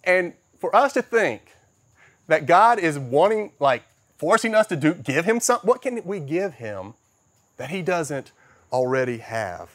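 A middle-aged man preaching a sermon as a pastor, emphatic, swinging between loud stresses and soft, quiet passages. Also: a little high, sing-song, a little slow, dry recording.

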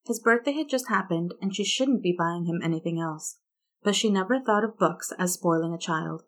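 A woman narrating a story in a steady, even reading voice. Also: on the low side, normal speed. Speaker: fan fiction reader.

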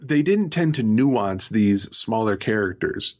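A man's voice: fairly low pitch, expressive, unhurried. A man co-hosting a podcast, chatting casually about a TV episode, rambling with lots of fillers and restarts. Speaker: podcast co-host. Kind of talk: casual chat reviewing a TV episode. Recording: muffled lo-fi audio.

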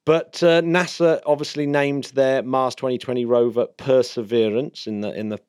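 A man's voice: medium pitch, fairly even intonation, moderate pace, a little mellow, clear, resonant tone, dry recording, studio quality. A man co-hosting a podcast in casual, enthusiastic, jokey chat. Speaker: podcast co-host.

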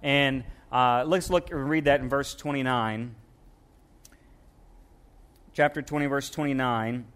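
A man's voice: medium pitch, fairly even intonation, measured pace, pauses often, a bit bright. A middle-aged male pastor preaching a sermon in a conversational way, asking rhetorical questions and acting out quotes.

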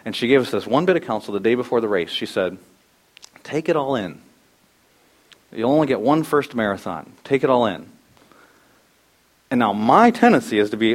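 A middle-aged man preaches to his congregation, moving through a personal story with lively, animated delivery. He acts out the voices of the people in his story. His voice sits in an ordinary middle pitch. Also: brisk. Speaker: pastor. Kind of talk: sermon.

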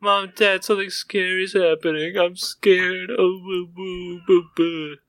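A man's voice: sits high, level tone, a little slow, a bit bright, no echo, pitched above the performer's own voice. A man voicing a scared ten-year-old boy who whimpers and pleads in a comedy podcast bit. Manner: pleading, sobbing.

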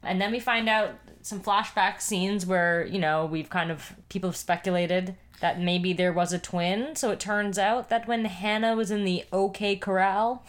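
A woman's voice: medium pitch, steady tone, a little slow, hardly any pauses. Swearing woman podcast co-host. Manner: swears freely, puts on voices to retell scenes. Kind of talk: casual chat.

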